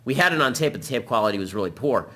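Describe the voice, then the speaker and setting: A man hosting a political talk show, delivering a combative, rapid-fire commentary monologue. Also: medium pitch, lively intonation, pushed and bright.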